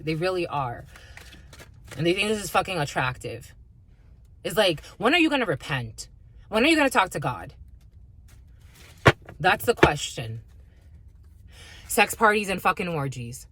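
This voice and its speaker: A woman's voice: lowish voice, a bit bright, a little hiss or hum. A woman giving an intuitive spiritual reading to her viewers, blunt and heavily profane as she rants. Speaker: spiritual reader.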